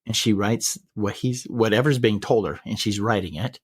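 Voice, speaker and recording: A man hosting a podcast, retelling a personal story in casual chat, measured and full of quoted dialogue. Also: on the low side, slightly rough, dry recording.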